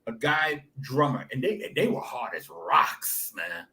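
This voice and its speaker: A man hosting a casual web talk show, reminiscing in an animated, storytelling way full of asides. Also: mid-range voice, slow. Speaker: show host.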